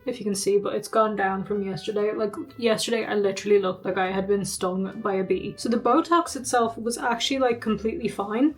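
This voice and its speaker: A young woman vlogging in a casual, chatty way, laughing often and poking fun at herself. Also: a little high. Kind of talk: casual vlog chat. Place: at home.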